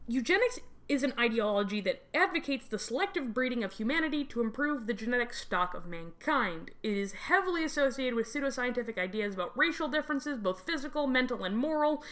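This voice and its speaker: A woman's voice: a little high, animated, brisk, few pauses, a bit bright. A woman hosting a podcast, reading a scripted history narration with wry, dry asides. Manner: wry, dry humor, frequent laughs. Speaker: podcast host.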